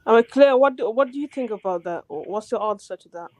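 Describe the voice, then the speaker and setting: A man in a heated online debate, talking hesitantly with many fillers and a loud voice. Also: high voice, lively intonation, fast, no room sound, low-quality recording. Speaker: debate participant.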